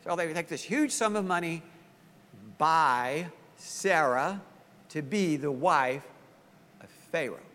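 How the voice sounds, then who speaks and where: A man preaching a sermon as pastor, telling the story with lively acted-out voices. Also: a little high, slow, long pauses, in a large hall. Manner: animated storytelling, acting out voices of the story's people.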